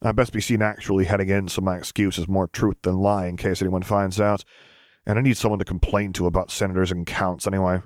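Man reading frank young male engineer, quick and exasperated, low voice, dry sound. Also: flat delivery, no echo, lightly acted.

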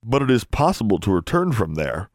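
A man's voice: on the low side, very animated, fairly quick, no echo, studio quality, voice pushed up. A man voicing a young male elf who pleads earnestly in broken grammar. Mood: pleading.

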